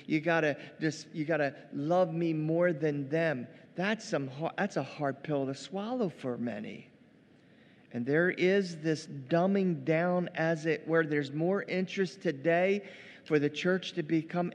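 A man preaching a sermon as pastor, animated and acting out quoted voices, in a church. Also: on the high side, in a large hall.

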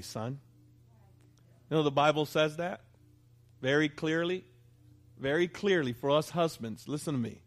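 A pastor preaching a sermon to his congregation, talking conversationally and often asking them for a response. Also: medium pitch. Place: church.

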